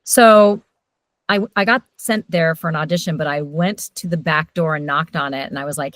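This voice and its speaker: Telling stories in a casual interview, a middle-aged voiceover coach speaks animatedly, her volume swinging quickly. Her voice sits low on a dry recording.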